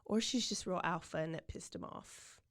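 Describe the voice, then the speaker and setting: A woman's voice: on the low side, normal speed, vocal fry, dry recording. A woman hosting a podcast, casually retelling a true-crime case and saying "like" often. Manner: chatty, fills with "like" often. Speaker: podcast host.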